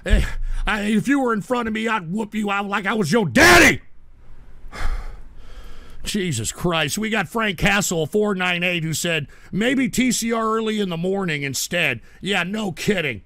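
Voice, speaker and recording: A sick man hosting a livestream talk show, exasperated, swearing and shouting at trolls. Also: sits high, normal speed, gravelly, no echo. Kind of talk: casual livestream rant.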